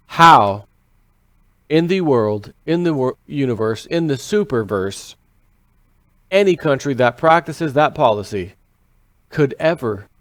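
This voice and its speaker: A man giving a casual, animated monologue on finance, repeating phrases for emphasis and asking rhetorical questions. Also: mid-range voice, dry recording, clean studio sound. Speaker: financial commentary vlogger.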